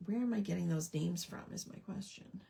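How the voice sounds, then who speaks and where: A woman's voice: fairly low pitch, a little fast, creaky, dark tone, breathy edge. A woman hosting a casual livestream crafting chat, talking with friends and muttering to herself as she works. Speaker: craft show host.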